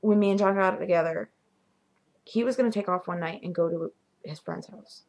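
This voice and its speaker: Young woman vlogger, low-pitched and gravelly, chatty true-ghost-story delivery. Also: normal speed. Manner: animated, drops to whispers at spooky moments. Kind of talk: casual storytelling.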